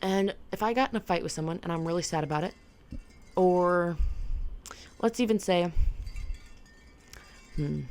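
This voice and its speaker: A woman with a low, gravelly voice and plenty of vocal fry chats loosely to her camera. She rambles playfully and leans on "like" as she works through her thoughts. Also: expressive, normal speed, pauses often, faint music behind. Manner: rambling and playful, heavy use of "like". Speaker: vlogger. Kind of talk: casual self-help chat to camera.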